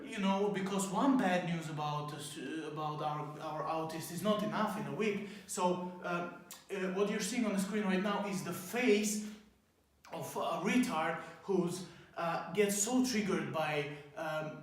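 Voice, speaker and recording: A man hosting a parody news show, ranting in a rambling, profane way with many fillers. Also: high voice. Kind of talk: mock news commentary. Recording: very echoey room.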